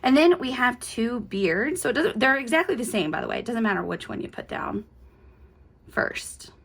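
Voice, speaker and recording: A woman's voice: on the high side, sing-song, brisk, creaky, slightly rough. A young woman, hosting a quilting tutorial in an upbeat, chatty way with playful little asides. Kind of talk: casual step-by-step tutorial.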